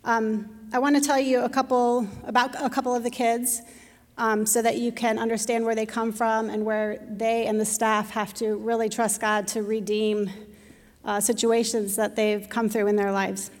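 Woman, middle-aged, church testimony, heartfelt, slightly high voice, long hall reverb. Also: level tone, normal speed. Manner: heartfelt, choked up, reads children's stories aloud. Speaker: mission team leader sharing at church. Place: church sanctuary.

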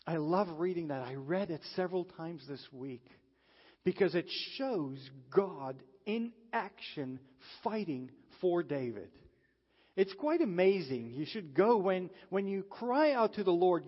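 A man preaching a sermon in an earnest way, pausing dramatically as he quotes scripture. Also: high-pitched, slightly rough. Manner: earnest, slow, dramatic pauses when quoting scripture. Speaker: pastor. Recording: dull sound with long reverb in a hall.

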